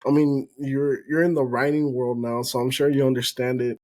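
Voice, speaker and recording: A man hosts a relaxed podcast conversation in a mid-range voice. He keeps nodding along with agreeing sounds and quick laughs before asking his next question. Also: medium pitch. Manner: affirming, frequent "mm-hmm" and laughs. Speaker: podcast host. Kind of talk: casual interview chat.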